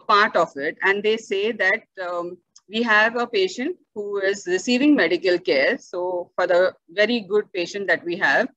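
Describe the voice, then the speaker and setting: A woman's voice: mid-range voice, a bit bright, dry recording, lo-fi sound. Woman giving an online lecture, dry sound. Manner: explanatory, frequent "okay" and "uh" fillers, restarts. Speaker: lecturer on bioethics. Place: home or office, virtual webinar. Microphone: computer mic on a video call.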